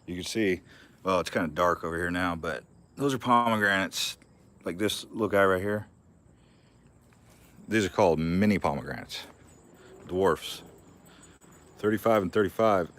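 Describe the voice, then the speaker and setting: A man's voice: low-pitched, normal speed, pauses often, fairly bright tone. A young man hosting a casual live-stream Q&A from his backyard garden, rambling and laughing often. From Arizona.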